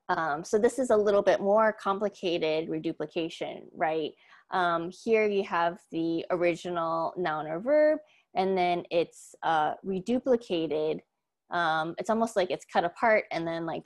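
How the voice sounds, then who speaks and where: A young woman giving a casual class presentation, talking loosely with frequent ums and upbeat asides. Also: on the low side. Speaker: student presenter.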